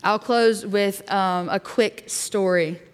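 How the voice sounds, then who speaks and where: A woman's voice: mid-range voice, steady tone, slow, clear, resonant tone. Candid woman preaching in a reverberant hall. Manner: candid, storytelling, many fillers and restarts. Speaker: youth pastor. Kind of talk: sermon with personal story.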